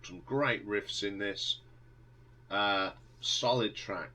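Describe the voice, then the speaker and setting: A man's voice: on the low side, takes it slowly, pushed and bright, rough recording. A man talking casually as he ranks a band's albums, rambling with many ums and restarts, enthusiastic. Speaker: music reviewer. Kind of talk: casual album review monologue.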